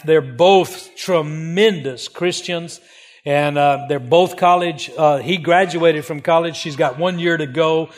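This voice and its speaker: Earnest older man, slightly high voice. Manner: earnest, emotional storytelling with repeated phrases. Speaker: missionary. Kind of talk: slideshow update to supporters.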